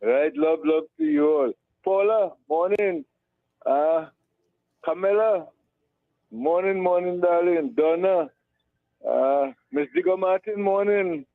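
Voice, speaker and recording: Gravelly Trinidadian man calling in by phone. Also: high voice, animated, slow pace, no echo. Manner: rambling, affectionate, repeats words. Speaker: radio caller. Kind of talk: call-in shout-outs. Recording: tinny phone line.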